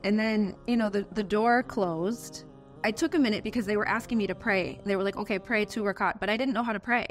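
American woman, earnest, emotional, animated testimony, interview. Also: medium pitch, a little fast, soft background music. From United States. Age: adult, has a daughter.

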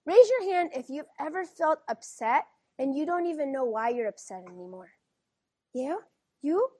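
A woman teacher reading a picture book aloud to children, gently asking them questions as she goes. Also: high-pitched, expressive, normal speed, no echo, studio quality. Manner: gentle, questioning, keeps checking in with the kids.

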